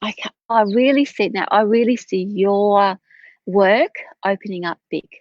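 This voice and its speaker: A woman's voice: medium pitch, unhurried, no echo. A tired woman giving a live-streamed tarot reading in a chatty, rambling way, often correcting herself. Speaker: tarot reader. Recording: dull, dry lo-fi stream audio.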